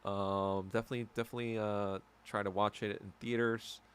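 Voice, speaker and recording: A man's voice: on the low side, little pitch movement, fairly quick, smooth. An American man hosting a podcast, rambling in a crude, profane and mocking way. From United States. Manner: mocking and abrasive. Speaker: podcast host. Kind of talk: casual solo podcast rant.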